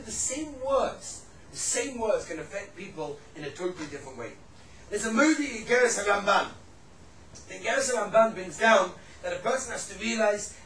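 A man's voice: high-pitched, a bit bright, far from the mic. A man giving a religious lecture on Jewish law and ethics. He tells stories with animation, repeats his phrases, and mixes Hebrew and Yiddish terms into his speech. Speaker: religious teacher. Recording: echoey room, mic set back, faint background noise.

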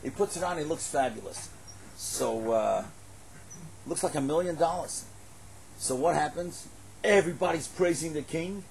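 Animated high-voiced male preacher. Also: normal speed, creaky, pauses often, slight background noise, rough recording. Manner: animated, emphatic, rising to exclamations. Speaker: religious storyteller. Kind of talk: sermon-style storytelling.

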